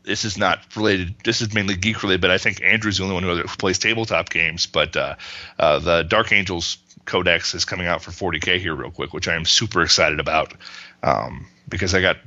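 A man's voice: deep voice, brisk, pushed and bright, no echo. A man chatting casually as a podcast guest, rambling with restarts and laughing often. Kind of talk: casual chat. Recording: dull lo-fi dry sound.

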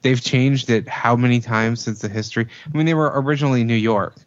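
A man's voice: mid-range voice, fast, dry recording. A man in a casual group discussion, arguing his points at length, over dry, slightly dull audio.

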